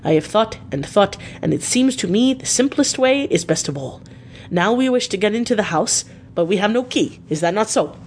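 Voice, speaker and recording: A woman's voice: medium pitch, lively intonation, normal speed, a little mellow, a little hiss or hum, voice pushed up, natural voice. A woman reading a storybook aloud, voicing an elderly foreign male professor who speaks earnestly in broken, formal English. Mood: gently reasoning.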